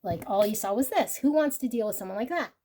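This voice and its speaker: A woman tarot reader speaks fast in a slightly high, animated yet mellow voice, with slight background noise behind her. Doing a casual pick-a-card reading, she rambles through plenty of "like" and "you know," now and then laughing or cursing.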